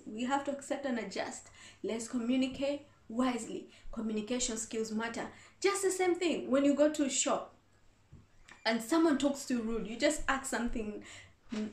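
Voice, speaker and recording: Earnest woman reverend in echoey room. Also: sits high. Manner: earnest, repeats points for emphasis. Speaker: reverend answering viewer questions. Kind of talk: casual advice talk.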